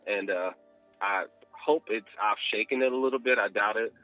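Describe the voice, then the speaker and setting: Low-voiced Baltimore man on a phone line. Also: normal speed, faint music behind. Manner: candid and earnest, with filler "uh". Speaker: interviewee. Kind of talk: personal testimony.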